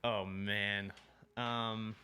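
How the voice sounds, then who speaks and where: A man's voice: on the low side, little pitch movement, drawn-out words, pushed and bright, clear, resonant tone. Laid-back swearing man telling stories. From Illinois. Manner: laid-back, swears a lot, tells stories with quoted exchanges. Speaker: podcast guest, pro BMX rider. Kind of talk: casual chat.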